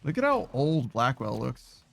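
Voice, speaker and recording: A man's voice: mid-range voice, sing-song, measured pace, vocal fry, fairly bright tone. A man giving let's-play commentary in a sardonic, profane, rambling way. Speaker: gaming streamer.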